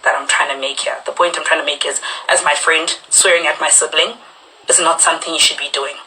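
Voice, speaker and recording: A young woman, recounting a personal dispute in animated storytelling and acting out the voices of others. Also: sits low, fast talker, a little hiss or hum, rough recording. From South Africa.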